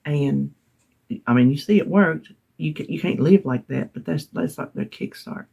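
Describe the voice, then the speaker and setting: A woman's voice: low-pitched, moderate pace, gravelly, a little mellow, husky. A middle-aged woman with a Southern US accent, chatting casually to her viewers, laughing often and dropping to a whisper now and then. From North Carolina. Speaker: vlogger. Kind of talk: casual chat to camera.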